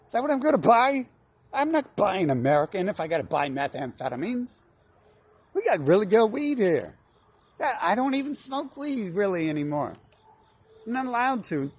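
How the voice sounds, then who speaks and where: A man's voice: high-pitched, slightly rough. A young man talking in a long, rambling monologue, full of fillers, restarts and swearing. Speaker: channel host.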